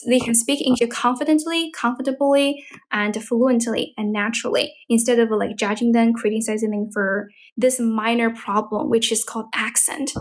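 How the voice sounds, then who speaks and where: A woman's voice: fairly high pitch, steady tone, moderate pace. A woman with a Chinese accent, a native Mandarin speaker, hosting a casual livestream chat and practicing spoken English, encouraging and explaining at length. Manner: encouraging, talks in long explaining runs.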